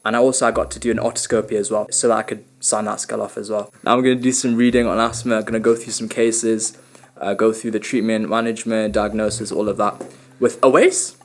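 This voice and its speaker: A man's voice: lowish voice, steady tone, fast talker. A young man, a medical student, casually vlogging to camera and explaining his day with easy restarts. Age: young adult.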